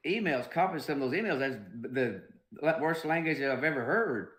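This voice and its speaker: A man's voice: fairly high pitch, expressive, normal speed, a bit bright. Blunt plainspoken man in an echoey room. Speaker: talk show host. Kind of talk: casual talk show chat.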